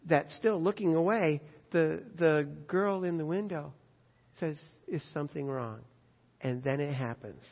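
A man preaching a sermon, earnest and emphatic, slowing down on key phrases. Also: on the high side. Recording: dull sound with long hall reverb.

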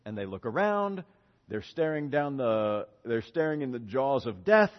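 A man preaching a lively sermon, retelling a Bible story in casual speech and acting out the characters' lines. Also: medium pitch, unhurried, long reverb tail, highs cut off. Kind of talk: lively sermon with acted-out dialogue.

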